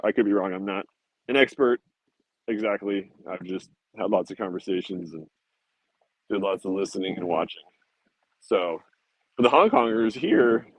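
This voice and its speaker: A man's voice: mid-range voice, no echo, rough recording. A young man talking to viewers in a loose, rambling monologue, swearing freely and slipping into rants. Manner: profane, laid-back, ranting.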